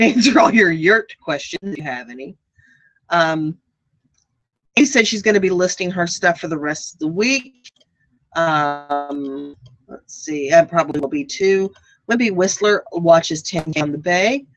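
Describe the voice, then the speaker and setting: Chatty Midwestern woman, slow and rambling. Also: on the low side, fairly bright tone, dry recording, poor audio. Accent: American Midwest, faint Southern. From United States. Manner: rambling, many fillers and restarts. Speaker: vlogger. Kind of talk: casual live chat.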